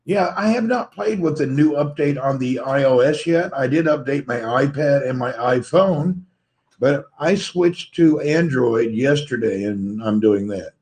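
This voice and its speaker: An American man from Tennessee with a Southern accent hosts a casual livestream, reading viewer comments and greeting people one by one in a friendly, relaxed way. He's tired from poor sleep, so his medium-pitched voice is a little crackly, and he keeps a measured pace.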